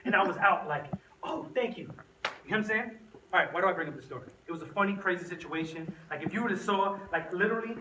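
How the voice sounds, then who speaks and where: A young man tells a slangy, animated story to a youth group, recorded in an echoey room from a distance. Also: high voice, quick pace. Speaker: youth speaker. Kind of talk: storytelling talk to teens. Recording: echoey room, from the mic, faint noise.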